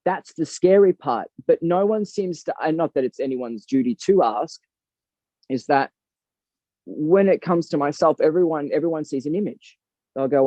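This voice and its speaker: Earnest man with dark, dull-sounding voice. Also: a little high, normal speed, no room sound. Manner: earnest, heartfelt, emphatic. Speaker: boxing coach and guest. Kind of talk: reflective interview talk. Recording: dull lo-fi dry recording.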